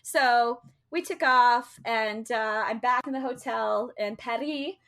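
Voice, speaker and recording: A woman's voice: a little high, slow pace, a bit bright. A woman co-hosting a podcast, telling a casual, chatty story with lots of fillers and laughter. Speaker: podcast co-host.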